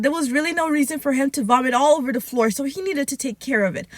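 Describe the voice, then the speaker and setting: A woman's voice: sits high, dry recording. A young woman hosting a casual podcast, reading online posts aloud and breaking in with sassy, scolding asides. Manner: sassy and chatty, scolding asides, drawn-out words. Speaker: podcast host reacting to online stories.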